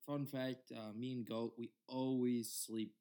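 A man's voice: medium pitch, level tone, a little slow, dark tone. A young man in his twenties co-hosting a casual podcast and telling a story in loose, swear-filled speech full of "like" and "you know.". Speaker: podcast co-host.

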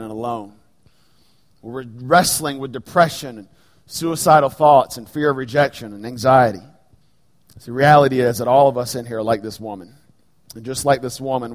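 A middle-aged man preaching a sermon in a church sanctuary, dropping to hushed, slow lines and then rising to loud, raised bursts. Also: mid-range voice. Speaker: pastor. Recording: long reverb of a large hall.

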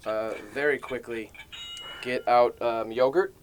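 A man's voice: medium pitch, fairly even intonation, a little slow, slight background noise. A man hosting a casual podcast with friends, talking through a hot sauce challenge with groans and coughs. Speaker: podcast host. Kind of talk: casual chat.

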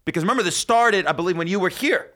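A man hosting a casual podcast, joking loudly and swearing, his voice swinging from high excited bursts to low asides. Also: fast talker. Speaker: podcast host.

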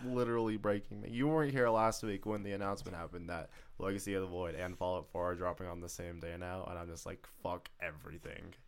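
A man's voice: sits low, steady tone, fast talker, hardly any pauses, smooth. A man in his twenties co-hosting a casual gaming podcast, given to dramatic mock despair. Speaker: podcast co-host.

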